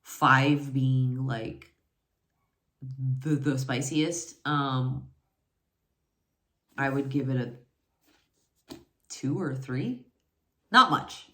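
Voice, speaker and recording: With an extremely low pitch and a bright, forceful tone, this woman draws out her words and leaves long pauses. She's a book reviewer in her forties rambling casually about romance novels, full of fillers and self-corrections, in an echoey room.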